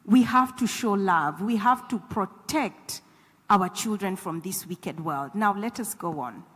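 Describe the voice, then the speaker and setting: A woman's voice: medium pitch, lively intonation, unhurried, a bit bright, breathy edge. A woman preaching, earnest and exhorting, repeating phrases for emphasis. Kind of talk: church teaching on scripture. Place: church hall. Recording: echoey hall.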